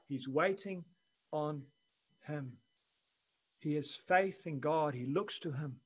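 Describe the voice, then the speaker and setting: A man preaching a sermon in an earnest, measured way, dropping quiet and then rising for emphasis. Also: fairly high pitch, poor audio. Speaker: pastor.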